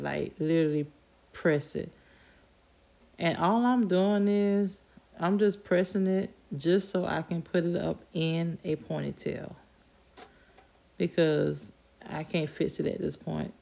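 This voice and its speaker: A woman's voice: deep voice, gravelly. A woman chatting casually to her viewers at home as she does her hair, often calling them "y'all". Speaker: beauty vlogger. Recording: loud hair dryer noise over the voice. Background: loud hair dryer.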